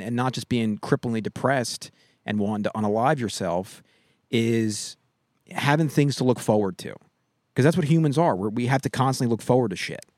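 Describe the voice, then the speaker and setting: A man's voice: mid-range voice, a little mellow, no room sound, clean studio sound. A man co-hosting a podcast, chatting casually in a backyard into a handheld microphone, rambling with laughs and swearing. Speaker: podcast co-host.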